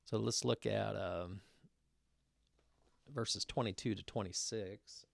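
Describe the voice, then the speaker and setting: A man teaching a casual Bible study, reading scripture aloud and explaining it in a relaxed way with many fillers and restarts. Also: fairly low pitch, slow, vocal fry, dry recording. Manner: reads scripture passages aloud.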